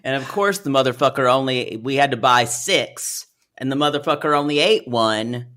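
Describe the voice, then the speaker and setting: A man co-hosting a podcast, chatting in a gossipy, animated way and laughing often. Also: medium pitch, normal speed. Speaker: podcast co-host. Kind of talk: casual chat.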